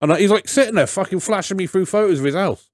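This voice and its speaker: A man's voice: high voice, quick pace, no echo, clean studio sound. A man with a West Country English accent, chatting as a podcast guest, rambling and sweary with lots of "you know what I mean". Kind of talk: casual banter.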